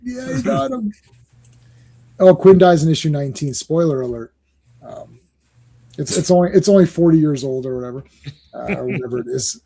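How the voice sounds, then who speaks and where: A man hosting a comic book podcast in casual chat, excitable and rambling, often laughing and restarting his sentences. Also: fairly high pitch, fairly quick, gravelly.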